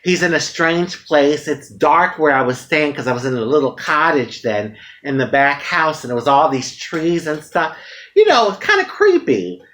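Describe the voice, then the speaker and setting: Woman, from the US, casual vlog storytelling, frank and dramatic, swinging pitch. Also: moderate pace. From United States. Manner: frank, animated, dramatic retelling with frequent laughter. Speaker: vlogger.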